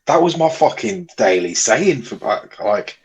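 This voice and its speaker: A man's voice: mid-range voice, big pitch swings, unhurried. A man co-hosting a casual chat podcast, talking bluntly with frequent swearing and weary sighs. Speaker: podcast co-host.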